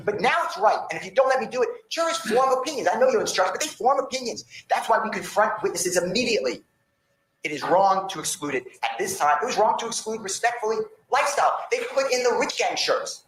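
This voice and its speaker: A man's voice: high voice, fairly bright tone, echoey room, poor audio. A man arguing as defense attorney before a judge, impassioned and insistent, pleading his point in a courtroom. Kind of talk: courtroom argument.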